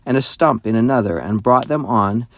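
A man reading a children's novel aloud with expressive storytelling. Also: medium pitch, normal speed. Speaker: narrator. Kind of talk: audiobook narration.

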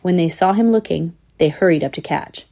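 A woman's voice: lowish voice, brisk, muffled recording. A woman narrating a storybook, giving each character its own voice. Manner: lively, voicing each squirrel.

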